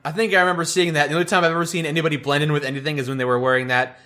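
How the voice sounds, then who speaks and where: A man's voice: on the high side, steady tone, racing, bright, forceful tone. A man co-hosting a game playthrough in casual chat, with a teasing manner and dry quips.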